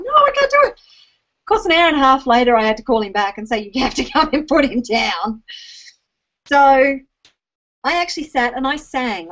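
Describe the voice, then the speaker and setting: A woman's voice: on the high side, lo-fi sound. An Australian woman telling a personal story to an online audience, emotional and teary, with frequent ums and restarts. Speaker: speaker addressing an online audience. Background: rain.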